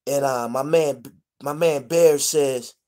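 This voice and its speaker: A man's voice: medium pitch, fairly even intonation, takes it slowly, darkish tone. A man from the Pittsburgh area telling a casual vlog story in profane street slang, rambling and restarting, checking in with "you dig?". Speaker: vlogger telling prison stories.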